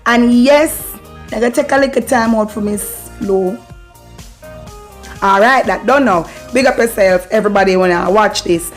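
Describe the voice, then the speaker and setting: A young Jamaican woman vlogging casually as she teaches patois, playful and animated, repeating phrases for effect. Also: medium pitch, moderate pace, faint music behind.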